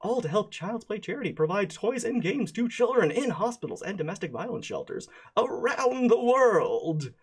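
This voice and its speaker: A man running a tabletop game as game master, tired from lack of sleep and stumbling over his words with constant fillers. His voice is husky and breathy, and it swings widely up and down in pitch. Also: big pitch swings. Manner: halting, full of "uh" and restarts. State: sleep-deprived.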